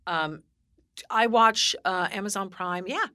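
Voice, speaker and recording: A middle-aged woman co-hosting a podcast, chatting casually in an animated, teasing way. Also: mid-range voice, takes it slowly, no echo, clean studio sound. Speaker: podcast co-host. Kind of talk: casual chat.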